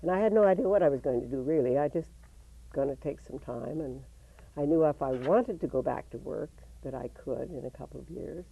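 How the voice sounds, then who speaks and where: A woman's voice: rumbling low, brisk, gravelly, slightly rough. A woman in her eighties, a folk singer, singing old union songs and chatting about her life in an interview. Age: 80s. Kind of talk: unaccompanied folk singing and casual interview talk. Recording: tinny phone-like band with guitar music.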